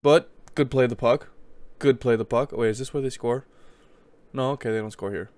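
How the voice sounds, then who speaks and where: A man's voice: mid-range voice, fairly quick, darkish tone, dry recording. A young man casually commenting on his own hockey game footage, mocking himself and joking as he goes.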